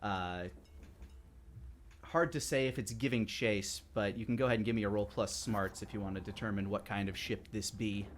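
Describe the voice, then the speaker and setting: A man's voice: lowish voice, steady tone, normal speed, slight background noise. A man narrating a tabletop pirate game as game master, loose and hesitant with many fillers.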